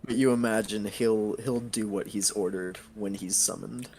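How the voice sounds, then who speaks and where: A man narrating as game master of a tabletop game, halting often with fillers. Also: lowish voice, steady tone, darkish tone, a little hiss or hum.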